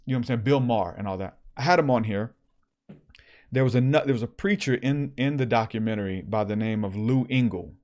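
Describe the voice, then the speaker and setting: A man hosting a podcast, telling a story in a casual, animated way with plenty of fillers. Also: mid-range voice, brisk. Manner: animated, acts out quotes, many fillers. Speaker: podcast host.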